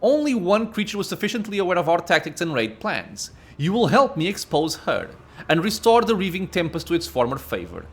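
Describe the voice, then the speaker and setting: Cruel sneering dark elf captor from a game, contemptuous and menacing, read by a man in a lively, fairly high voice. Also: fairly quick, slightly rough, exaggerated voice.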